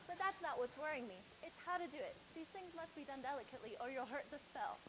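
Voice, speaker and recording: A woman's voice: high voice, animated, fast. Girl playing a sneering wicked witch. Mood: menacing. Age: teens. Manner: sneering, mock-sweet taunting. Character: cruel scheming witch woman, gloating and menacing. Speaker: student actor. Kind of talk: school stage play. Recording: noisy stage recording.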